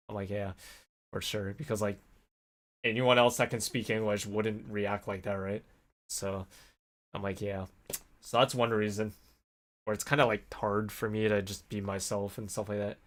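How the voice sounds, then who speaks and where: A man vlogging in a casual, rambling storytelling way, animated when he quotes people. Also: lowish voice, normal speed. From North America. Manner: rambling, animated when quoting others, laughs often.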